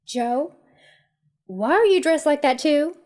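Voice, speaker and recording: Gushing Southern mom, as a woman puts her on, high drawn-out squeals, loud, stretched words, overexcited. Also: expressive. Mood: gushing delight.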